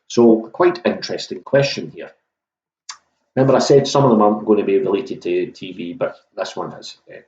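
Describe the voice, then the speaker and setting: Man, quiz host, casual, jokey, lowish voice, echoey lo-fi recording. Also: darkish tone. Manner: chatty, jokey, swears freely. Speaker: online pub quiz host. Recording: roomy, dull lo-fi room sound.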